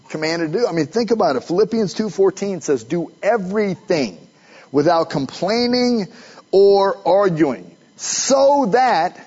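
A man's voice: a little high, darkish tone, breathy edge, muffled recording. A man preaching a sermon in a conversational way, asking his listeners questions as he goes. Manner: conversational, asks the audience questions.

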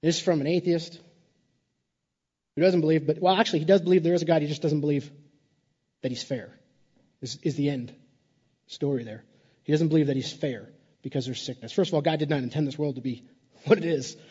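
Male pastor, sermon, conversational, slightly high voice, husky, dull muffled recording. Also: fairly even intonation, fairly quick, pauses often, warm tone, in a large hall. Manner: conversational, repeats words, playful asides.

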